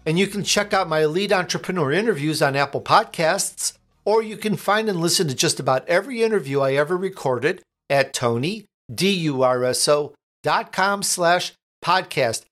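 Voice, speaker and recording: A man hosting his radio interview show, reading intros and links in a smooth, scripted manner. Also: a little high, animated, normal speed, few pauses, a bit bright. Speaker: show host.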